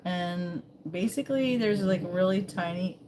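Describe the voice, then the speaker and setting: A woman's voice: lowish voice, a little slow, background noise. A woman hosting a casual live-stream vlog, reading aloud and joking along as she goes. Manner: chatty, reads aloud and jokes along. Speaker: vlogger, live-stream host.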